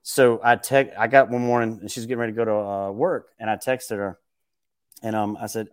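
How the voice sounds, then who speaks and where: A man's voice: lowish voice, brisk, clean tone, no echo. Guy spinning funny stories on a podcast, does the voices, dry close sound. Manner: lively, acts out quotes with raised voice, laughs often. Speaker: guest telling stories. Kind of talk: casual podcast storytelling.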